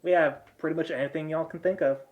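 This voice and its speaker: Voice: medium pitch, fairly even intonation, fast talker, phone-quality sound, natural voice. A game master voicing a busy, friendly woman innkeeper who talks in a folksy drawl. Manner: folksy drawl, says y'all.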